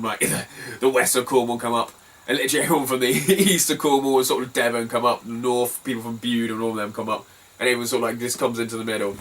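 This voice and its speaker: A man, chatting casually in a vlog about hunting for retro games at car boot sales, laughing often and swearing offhand. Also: mid-range voice. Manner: chatty, laughs often, swears casually, animated when telling a funny story. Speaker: retro game collector vlogger. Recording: somewhat distant mic, faint ambient noise.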